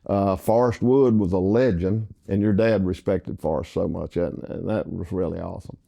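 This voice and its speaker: An older man, hosting a casual chat and telling an animated story. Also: deep voice, moderate pace, vocal fry. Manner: animated storyteller acting out other people's voices. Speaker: host.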